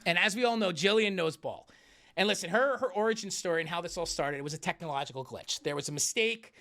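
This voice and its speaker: A man's voice: high voice, animated, a bit bright. A man co-hosting a casual sports talk show, joking about himself in an upbeat way. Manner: fast, upbeat, self-deprecating joking.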